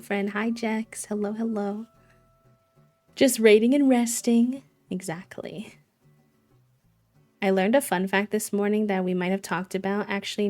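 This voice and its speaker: A woman streamer chatting casually on a live stream, cozy and talkative as she welcomes viewers by name. Her voice sits in an ordinary middle pitch, and her tone stays relaxed and friendly.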